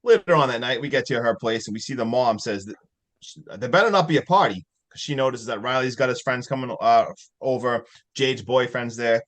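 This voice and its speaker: A man hosting a podcast rattles through a movie plot in a loose, chatty way. His voice sits at an everyday middle pitch. He gets worked up at the creepy parts and throws in the odd swear word. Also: fairly quick. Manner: excitable storytelling, loose and profane. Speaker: podcast host. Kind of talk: casual movie recap.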